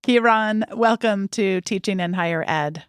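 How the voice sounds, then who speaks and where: A woman's voice: mid-range voice, unhurried, clean tone, dry recording, studio quality. A woman hosting a podcast interview who reads a guest introduction and chats playfully. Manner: playful and jokey in chat, steady when reading the intro. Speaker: podcast host.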